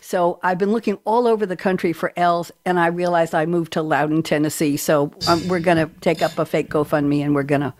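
A woman's voice: on the low side, steady tone, brisk, few pauses, a little mellow. Chatty playful New York woman radio host. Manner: playful, rambling, jokey asides. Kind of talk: chatty talk show opening.

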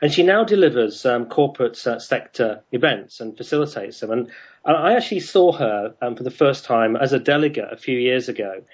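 Husky-voiced man hosting with many ums. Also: medium pitch, expressive, a little fast. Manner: hesitant, many ums and restarts. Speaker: podcast host. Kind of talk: casual interview chat. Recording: dull lo-fi sound.

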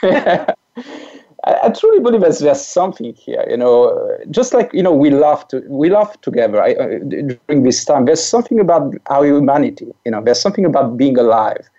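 A man's voice: mid-range voice, big pitch swings, a little fast, dark tone. A man in his forties with a French accent, a guest chatting casually and often repeating words as he searches for them. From France. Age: 40s. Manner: repeats words, laughs as he talks. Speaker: podcast guest, life coach. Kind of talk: casual conversation. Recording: dull lo-fi audio.

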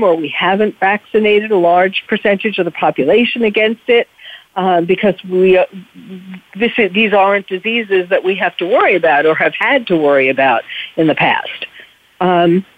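A woman's voice: mid-range voice, normal speed. A woman hosting a talk show, delivering a frank, emphatic opinion monologue with frequent hesitant restarts. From United States. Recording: narrow phone-like radio audio.

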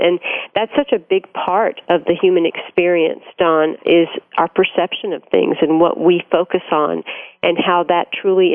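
An interview host opening the show with a smooth, scripted-sounding lead-in before putting a question to the guest. The pitch sits in the middle range. The sound is dry and narrow, like a voice heard over a phone line. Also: no room sound.

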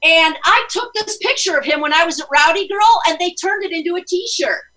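A woman's voice: very high voice, a little fast, sharp tone. A woman co-hosting a radio talk show, chatting eagerly. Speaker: co-host.

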